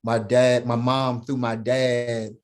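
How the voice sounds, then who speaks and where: A man's voice: medium pitch, flat delivery, slow pace. A middle-aged man telling a personal story as a podcast guest, emphatic, often checking in with "right?" and "man".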